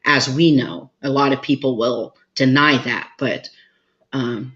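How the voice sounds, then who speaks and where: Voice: mid-range voice, measured pace, a bit bright, highs cut off. A chatty, agreeable guest in a casual conversation who laughs through her stories. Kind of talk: casual chat.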